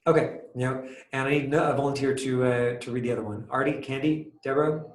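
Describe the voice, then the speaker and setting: A man teaching an acting class, casually explaining comedy with lively acted-out examples. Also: medium pitch. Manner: animated, acts out quick examples with loud outbursts. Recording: echoey room.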